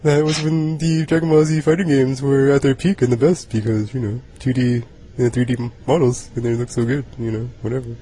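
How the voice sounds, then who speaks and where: Man, podcast co-host, mellow, husky, wry, casual chat. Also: medium pitch, little pitch movement, fairly quick, low-quality recording.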